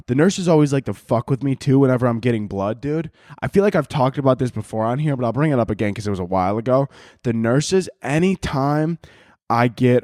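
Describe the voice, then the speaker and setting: A man's voice: mid-range voice, darkish tone, no echo, studio quality. A man hosting a podcast, telling rambling, profane comic stories and laughing often. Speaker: podcast host. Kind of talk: casual comedic podcast monologue.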